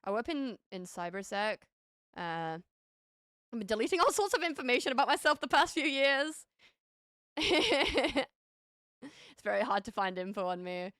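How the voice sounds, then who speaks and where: A woman's voice: fairly high pitch, sing-song, normal speed, long pauses, fairly bright tone, no room sound, clean studio sound. A woman from the North of England with a Northern English accent, chatting casually with viewers on a live stream, laughing often and repeating words as she restarts sentences.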